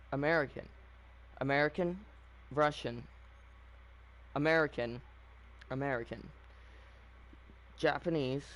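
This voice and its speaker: Rambling through a video game with plenty of fillers and false starts, this gaming channel host shares casual, opinionated takes. He has a mid-range voice with a fairly bright tone.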